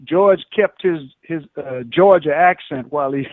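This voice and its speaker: A man's voice: fairly high pitch, dry recording. Hesitant male radio host, tinny line. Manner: halting, warm, hesitant with fillers. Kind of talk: phone-in radio interview. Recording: tinny phone-like line, dry.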